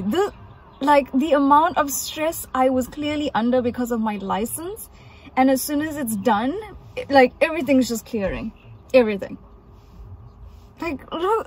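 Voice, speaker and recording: A woman's voice: a little high, normal speed, slight background noise, rough recording. A young woman chatting to her phone camera outdoors after a walk, giggly and gushing. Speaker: vlogger. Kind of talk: casual vlog chat. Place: outdoors in a small town.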